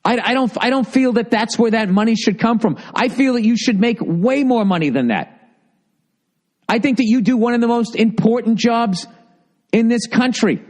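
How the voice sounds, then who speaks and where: A comedian hosting a podcast, ranting heatedly and sarcastically, with constant swearing. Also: male voice, extremely high pitch, normal speed, darkish tone. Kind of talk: profane comedic rant.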